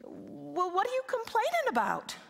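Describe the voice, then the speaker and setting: A woman's voice: very high voice, huge pitch swings, moderate pace, creaky, voice pushed up, exaggerated voice. A woman voicing a puzzled old man who questions and defends himself in a sermon story. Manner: bewildered, questioning. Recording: reverberant hall.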